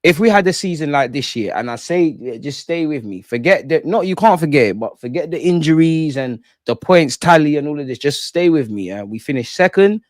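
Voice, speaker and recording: A young man with a London accent, chatting casually on a live stream about football while reading out and reacting to viewer comments in slangy, animated talk. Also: a little high, fairly quick, hardly any pauses, no room sound.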